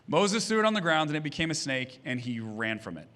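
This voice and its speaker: A man's voice: fairly high pitch, big pitch swings, a little fast, fairly bright tone. A man in his thirties preaching a sermon as pastor, telling funny family stories and acting out the voices of the people in them. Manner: humorous storytelling, acting out voices. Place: church stage.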